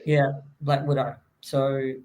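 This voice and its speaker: A man's voice: medium pitch, level tone, takes it slowly, a little mellow, poor audio. A man hosting a casual chat, rambling with lots of ums and restarts. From New Zealand.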